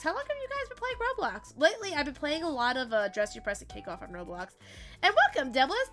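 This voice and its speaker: A woman's voice: high voice, sharp tone. A woman VTuber streamer chatting casually while she plays, bubbly and playful, swearing freely as she greets her chat.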